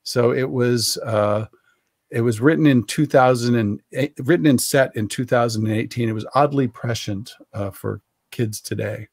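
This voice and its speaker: A man, an author, talks on a video call in a loose, rambling way, circling back and correcting himself as he goes. His voice has an ordinary middle pitch. The room sounds dry and close. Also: normal speed, creaky, a little mellow, no room sound. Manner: rambling, self-correcting storyteller. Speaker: author guest. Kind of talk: casual video call interview.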